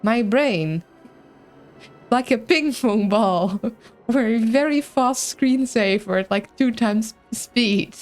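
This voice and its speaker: Excitable woman streaming a game. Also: on the high side, slow pace, soft background music. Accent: mixed, hard to place. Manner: excitable, rambling, bouncy. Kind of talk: live gameplay commentary, reading chat.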